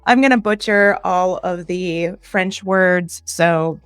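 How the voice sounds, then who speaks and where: Chatty Chicago woman host, low voice. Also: takes it slowly, clean tone, no echo, studio quality, soft background music. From Chicago, US Midwest. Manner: chatty, self-deprecating, laughs often. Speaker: crypto video host. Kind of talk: casual explainer chat.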